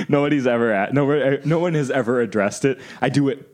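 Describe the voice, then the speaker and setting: A man's voice: mid-range voice, normal speed, a little mellow. A man chatting casually as a podcast co-host, self-deprecating, laughing easily and swearing. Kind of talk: casual chat.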